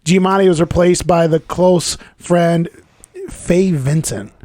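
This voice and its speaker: A man's voice: fairly high pitch, takes it slowly, darkish tone, no room sound, studio quality. A young man hosting a casual podcast, talking loosely with lots of cursing, fillers and laughter as he retells things. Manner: rambling, profane, laughs while retelling bits. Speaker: podcast host.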